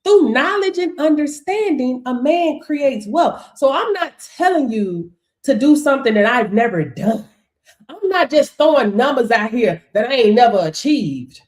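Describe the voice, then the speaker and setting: A lively middle-aged woman hosts a motivational live stream, preaching with lots of laughs and repeated callouts to her viewers. Her voice sits a little high for a woman. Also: a little slow. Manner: animated, preachy, laughs often, calls out "hello?" and "right?". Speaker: online business coach.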